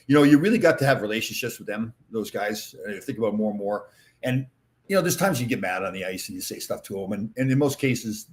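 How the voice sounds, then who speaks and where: A man in his sixties, a former hockey player hosting a casual chat, telling rambling stories with many fillers. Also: lowish voice. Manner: rambling anecdotal storytelling with fillers. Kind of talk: casual chat answering viewer comments.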